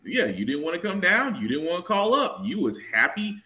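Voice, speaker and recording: A man's voice: high-pitched, very animated, brisk, bright, forceful tone. A man co-hosting a casual chat, emphatic and storytelling, swearing for effect. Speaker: podcast co-host.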